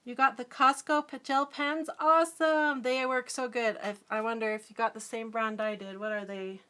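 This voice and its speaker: A chatty middle-aged woman with a bright, forceful voice chats casually on a live stream while she draws. She giggles often and answers her viewers' comments, her voice sitting a little high. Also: fairly even intonation, moderate pace, clean tone.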